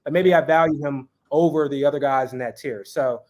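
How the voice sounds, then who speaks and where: A man's voice: fairly high pitch, fairly quick, darkish tone. A man as an interview guest in casual chat, talking in long rambling runs full of fillers.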